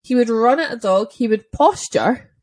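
A young Scottish woman chats casually on a podcast, her voice pitched a little high. She tells lively stories, slipping into quick voices and swearing freely. The sound is close and dry, with no room around her. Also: no room sound. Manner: animated storytelling, acting out voices, swearing. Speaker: podcast host, dog trainer. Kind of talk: casual chat.

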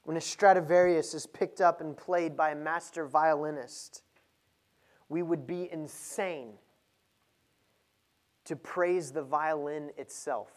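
Male preacher, sermon delivery, rises to emphatic peaks. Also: fairly even intonation. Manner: builds from low and measured to loud and emphatic.

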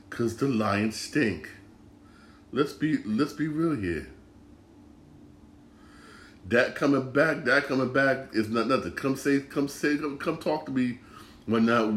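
A man at an ordinary pitch rants about his team, frustrated and repeating himself. He stumbles and restarts often as he talks. The sound bounces around an echoey room. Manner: frustrated, repetitive, stammering restarts. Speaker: sports podcast host. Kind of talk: casual sports rant.

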